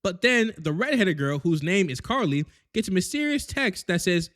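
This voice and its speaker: Animated high-voiced man recapping comedically. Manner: crude slang-heavy storytelling, voices characters in quick asides. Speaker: recap host.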